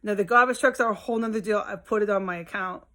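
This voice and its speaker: An exasperated woman rambles through a profane, venting monologue from her home. Her voice sits at an ordinary middle pitch, and she talks the way people do in a casual vlog. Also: quick pace, fairly bright tone. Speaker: vlogger.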